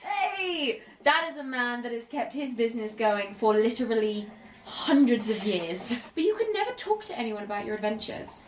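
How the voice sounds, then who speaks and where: A woman with a fairly high voice chats casually in an echoey room. She teases, swears freely and laughs often while watching a film with a friend. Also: sing-song, moderate pace, a little hiss or hum. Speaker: podcast co-host.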